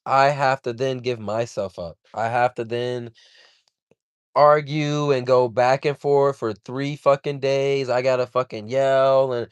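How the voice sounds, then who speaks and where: A man venting on his livestream, heated and profane, circling back over his complaints as he rambles on. His voice is smooth and resonant, and it sounds close and dry with no room around it. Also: medium pitch, flat delivery, measured pace, no room sound. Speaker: livestream host.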